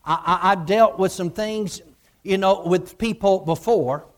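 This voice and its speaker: High-voiced male preacher telling a story. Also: measured pace. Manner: emphatic and repetitive, retelling a vision with quoted dialogue. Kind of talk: sermon storytelling.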